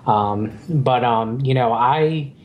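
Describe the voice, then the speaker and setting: A man's voice: medium pitch, slow, muffled recording. A man on a podcast as a guest, explaining things in long, winding runs of casual chat.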